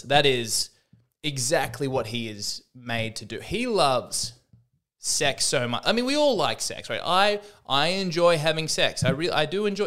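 Rambling comedian, smooth voice. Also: male voice, medium pitch, fairly bright tone. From Australia. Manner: rambling, self-deprecating, with frequent restarts. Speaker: podcast host. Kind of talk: casual comedic monologue.

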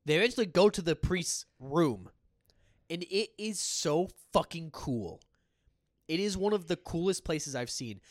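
A man's voice: on the high side, animated, a little slow, no echo, clean studio sound. A man co-hosting a horror film podcast, chatting casually and enthusiastically, swearing freely. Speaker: podcast co-host. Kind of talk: casual chat.

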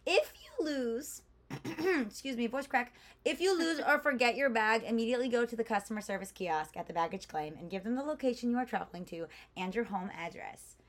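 A woman's voice: fairly high pitch, fast, few pauses. Chatty young woman telling a travel story. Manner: chatty storyteller, animated with many fillers. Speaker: podcast co-host. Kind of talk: casual chat.

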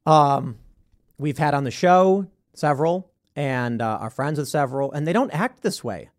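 Host, man, late thirties, high and lively, rambling storyteller who acts out quotes. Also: normal speed. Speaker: show host. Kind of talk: casual storytelling and commentary.

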